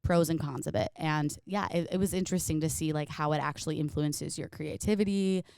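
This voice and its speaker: A young woman hosts a podcast in easy, rambling chat, earnest and supportive. Her voice is somewhat low and smooth, and the recording is dry and close. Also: steady tone, brisk, a little mellow, no echo. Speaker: podcast host. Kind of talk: casual chat.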